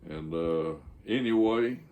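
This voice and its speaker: A man's voice: lowish voice, slow pace, dark tone, muffled recording. An older man, the host of his channel, telling a folksy, rambling story with frequent fillers and restarts.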